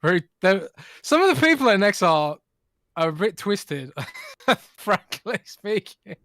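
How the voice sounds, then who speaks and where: A man's voice: sits high, measured pace, dry recording. A man co-hosting a gaming podcast, talking casually and enthusiastically with lots of fillers. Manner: animated, enthusiastic, rambling with fillers. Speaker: podcast co-host. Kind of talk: casual chat.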